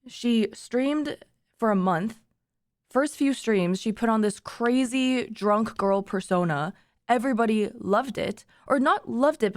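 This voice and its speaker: A woman's voice: fairly high pitch, no room sound, studio quality. A young woman streamer chatting emotionally with her viewers, rambling with restarts and drifting between tears and laughter. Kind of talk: casual chat to stream viewers. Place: treated room with acoustic panels.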